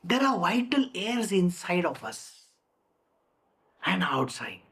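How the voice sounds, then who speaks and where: Slow, lively woman teaching scripture. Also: lowish voice. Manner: deliberate, repeats phrases, acts out examples. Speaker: spiritual teacher. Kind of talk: scripture explanation talk.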